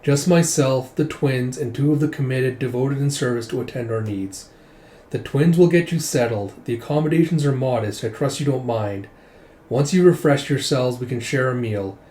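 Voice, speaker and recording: A man's voice: medium pitch, normal speed, warm tone, lightly acted. A man voicing an aging male scientist who speaks in a formal, wry and theatrical way. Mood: measured. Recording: roomy echo.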